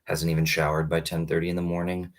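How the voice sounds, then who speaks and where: A man in his thirties talking casually on a live stream, rambling with many halting restarts. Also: deep voice, monotone. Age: 30s. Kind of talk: casual livestream talk.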